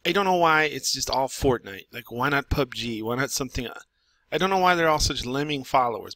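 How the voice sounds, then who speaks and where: A man's voice: medium pitch, lively intonation, brisk, pushed and bright, dry recording. A man giving an exasperated, repetitive ranting monologue as a gaming commentator.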